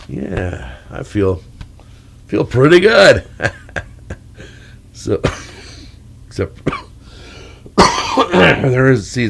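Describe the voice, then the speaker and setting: A man's voice: fairly low pitch, creaky. A man with a crackly, congested voice from a cold, rambling through a long mic check with corny jokes and wandering asides. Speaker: storyteller.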